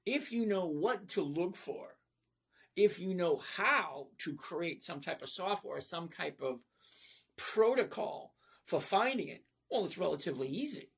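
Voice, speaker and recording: A man's voice: high-pitched, lively intonation, measured pace, a bit bright, husky. A middle-aged man hosting a live stream, answering viewer chat in a blunt, folksy, casual way. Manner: blunt, folksy, often asks okay?. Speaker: livestream host answering viewer chat about trading.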